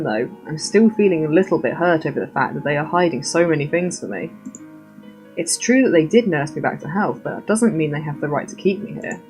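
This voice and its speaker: A woman's voice: fairly low pitch, a little mellow. A woman reading a story game aloud as narrator, with wry, playful asides of her own.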